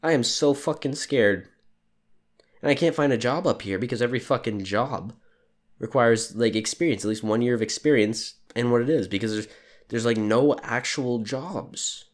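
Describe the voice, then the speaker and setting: A man's voice: medium pitch, lively intonation, a little slow. A young man from Canada ranting crudely and sardonically as a solo podcast host, sleep deprived. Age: young adult. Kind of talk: profane solo rant.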